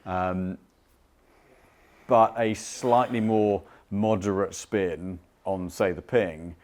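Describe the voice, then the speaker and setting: Low-voiced British man explaining club data. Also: fairly even intonation, a little mellow. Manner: measured, explanatory, with fillers and restarts. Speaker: club fitter. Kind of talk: technical explanation to a customer. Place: indoor golf fitting studio.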